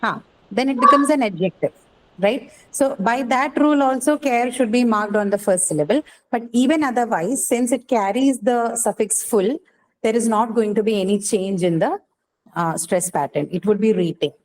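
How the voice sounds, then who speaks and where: A woman's voice: a little high, normal speed, rough recording. Woman teacher lecturing a class, keeps asking right?, bit of faint noise behind. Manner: questions students, checks with "right?". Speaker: English teacher.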